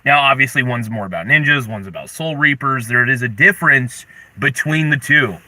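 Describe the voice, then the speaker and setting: A young man hosting a casual livestream, ranting in mock anger and chatting with viewers, with sudden loud outbursts. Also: mid-range voice, moderate pace, no room sound. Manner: animated, mock-angry rants with sudden yelled bursts. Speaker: livestream host.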